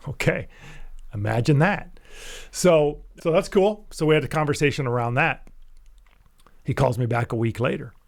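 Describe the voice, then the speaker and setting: A man who works as a mental skills coach, telling a story in a casual, animated way and chuckling often between phrases. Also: mid-range voice, moderate pace, creaky, pauses often.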